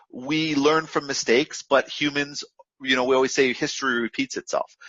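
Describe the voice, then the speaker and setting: A man's voice: mid-range voice, fairly bright tone, breathy edge, no echo, dull audio. Rambling man coaching traders. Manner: rambling, direct, lots of fillers and restarts. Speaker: trading coach. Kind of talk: unscripted motivational lesson.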